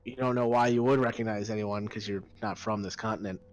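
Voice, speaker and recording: A man narrating a tabletop game as game master, pausing often with fillers. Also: lowish voice, steady tone. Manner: hesitant, many fillers.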